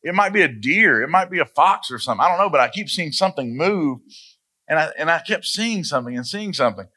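A man's voice: on the high side, expressive, fast, sharp tone, slightly rough. A man, preaching a sermon and telling stories as a pastor. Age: 40s. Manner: storytelling, acts out voices in anecdotes.

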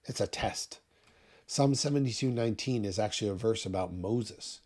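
A middle-aged man preaching a sermon with emphasis, his pace swinging from quick to slow. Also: fairly low pitch, darkish tone. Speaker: pastor.

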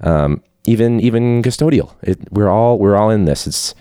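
Man, very low voice, warm dark tone, rambling casual podcast talk, dry close sound. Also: animated, moderate pace, clear, resonant tone, dry recording. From Chicago area. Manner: rambling, candid, profane, with frequent fillers. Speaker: podcast host, teacher. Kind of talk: casual solo podcast chat. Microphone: phone hooked up to a video call.

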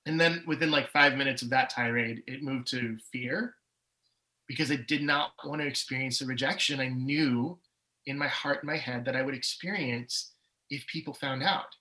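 A man in his forties appears as a podcast guest, sharing his personal story in an interview with candor and shifting emotion. His voice is mid-range with a sharp tone, delivered at a moderate pace on a rough recording.

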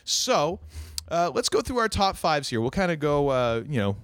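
A man talks through a casual podcast with a lively, swooping delivery, leaning into jokes and rambling side stories. His voice sits in a middle range and sounds close and dry, with no room around it. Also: fairly high pitch, normal speed, dry recording. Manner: animated, joking, rambling with asides. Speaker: podcast co-host.

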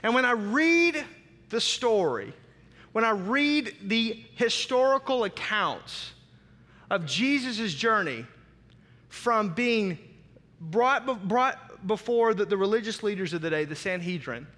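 Pastor guy preaching big and dramatic, bright high voice, long echo like a big hall. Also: lively intonation, takes it slowly. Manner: emphatic dramatic preaching with repeated phrases. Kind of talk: sermon.

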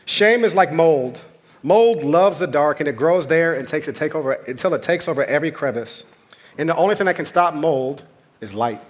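A man's voice: fairly high pitch, lively intonation, normal speed. Man preaching with passionate repetition. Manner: conversational, impassioned preaching with repeated phrases. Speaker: pastor. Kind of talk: sermon.

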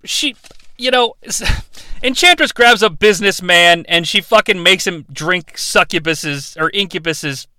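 A man's voice: high voice, unhurried, sharp tone, no echo. A man hosting a podcast, recapping a movie in a sarcastic, profane, casual way and acting out the characters. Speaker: podcast host.

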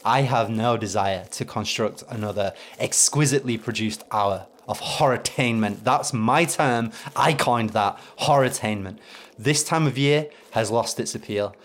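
A man with an English accent hosting a podcast, delivering a bitter, deadpan comic monologue. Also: mid-range voice, normal speed, few pauses, slight background noise. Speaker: podcast host. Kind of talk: sardonic comedic monologue.

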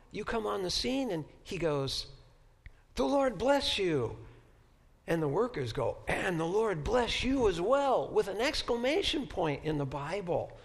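A man teaching a Bible class in a high, gravelly voice, talking slowly. He halts and repeats words while he searches for how to say things, and he often turns statements into rhetorical questions for the class. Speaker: professor. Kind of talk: Bible lecture.

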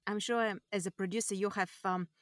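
A woman's voice: mid-range voice, steady tone, fairly quick, no echo, studio quality. A woman interviewer asking questions and giving short prompts.

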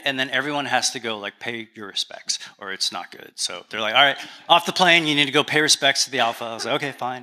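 Bright-voiced male pastor, storytelling sermon. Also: medium pitch. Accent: Canadian. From Canada. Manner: conversational storytelling with humor.

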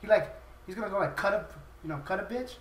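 A man's voice: sits high, quick pace, fairly bright tone, recorded from a distance, slight background noise. A man chatting casually and profanely, rambling and laughing as he retells a movie. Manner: laughing often, rambling, acting out quoted lines. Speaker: podcast host retelling a movie. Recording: roomy, off-mic with crowd chatter.

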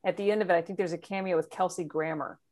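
A woman's voice: fairly low pitch, steady tone, quick pace, a little mellow. A woman hosting a podcast in casual chat, eager and chatty like a fan. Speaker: podcast host.

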